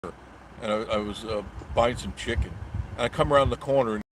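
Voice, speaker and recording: A man's voice: mid-range voice, normal speed, background noise. A middle-aged man hosting a casual live stream, reading viewer comments aloud and rambling through jokey banter with frequent chuckles.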